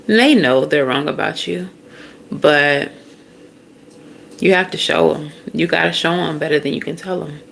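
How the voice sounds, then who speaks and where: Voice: medium pitch, moderate pace, gravelly, pauses often, fairly bright tone, slight background noise. A tarot reader giving a casual, blunt, profane reading straight to the listener.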